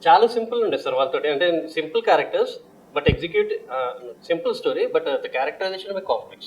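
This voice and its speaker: A man's voice: on the high side, expressive, racing, lo-fi sound. Plain-spoken Indian man, brief answers. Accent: Indian English. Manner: short plain answers, mixes in Telugu. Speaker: film director. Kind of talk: casual interview chat.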